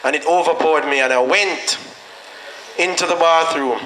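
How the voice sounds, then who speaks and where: A man's voice: a little high, moderate pace, pushed and bright. A man with a Jamaican accent gives a motivational speech at a school graduation. He tells his story earnestly and slips into patois when he quotes himself. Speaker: guest speaker at a graduation. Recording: echoey hall with faint noise.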